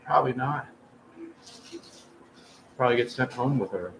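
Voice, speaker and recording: A man's voice: medium pitch, lively intonation, moderate pace, creaky. Chatty man streaming over a noisy room. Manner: rambling, chatty, talks straight to viewers. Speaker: livestream host. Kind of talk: casual chat.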